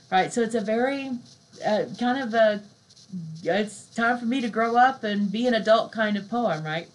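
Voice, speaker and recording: A woman giving a conversational university literature lecture, who keeps checking in with "right?" and reads poems aloud slowly and softly. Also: a little high, rough recording.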